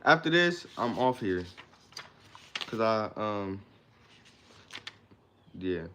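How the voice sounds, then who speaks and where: A man's voice: fairly low pitch, sing-song, extremely slow, a bit bright, a little hiss or hum. Emphatic man giving a motivational livestream talk. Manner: emphatic, repetitive, preacher-like cadence. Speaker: livestream host.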